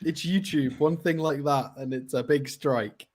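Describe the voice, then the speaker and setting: Co-host, male, slightly high voice, plain and explanatory. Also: measured pace, darkish tone. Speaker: podcast co-host. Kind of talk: casual chat.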